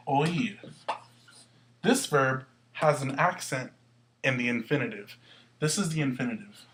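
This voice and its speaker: Man, language teacher, slow patient explaining, middle pitch, faint hiss. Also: a bit bright. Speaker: Spanish teacher. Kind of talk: recorded classroom lesson.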